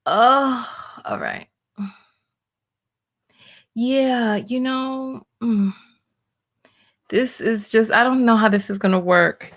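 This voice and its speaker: A woman's voice: on the high side, takes it slowly. Flustered woman hosting a reaction video. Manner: flustered, stammering, exasperated. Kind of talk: casual reaction commentary.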